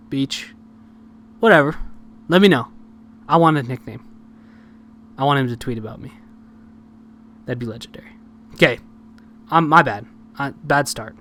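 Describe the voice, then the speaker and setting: A man's voice: medium pitch, a bit bright, slight background noise. A young man hosting a podcast, talking through political news in a casual, chatty, self-deprecating way with lots of fillers. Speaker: podcast host.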